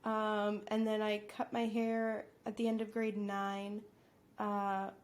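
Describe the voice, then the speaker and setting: A young adult woman with a Canadian accent, a guest actor in a casual chat, friendly and quick to laugh. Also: medium pitch, monotone.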